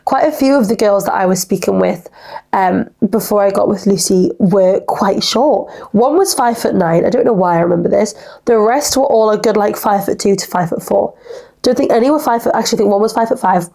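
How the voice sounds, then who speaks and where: A woman's voice: mid-range voice, brisk, gravelly, dark tone. A young woman, hosting a casual solo podcast in a rambling, chatty way full of "like". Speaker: podcast host.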